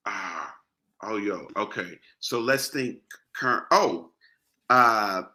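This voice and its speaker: A man's voice: lowish voice, lively intonation, slow, pushed and bright. A young adult man from Texas with a Texan accent, a singer chatting in a laid-back way in an interview and breaking into soulful song. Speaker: singer and guest. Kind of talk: casual interview chat with sung snippets.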